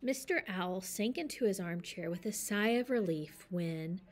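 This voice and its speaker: A woman reading a children's picture book aloud with a lively, expressive delivery. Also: mid-range voice, a little slow. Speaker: storyteller. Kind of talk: children's story read-aloud.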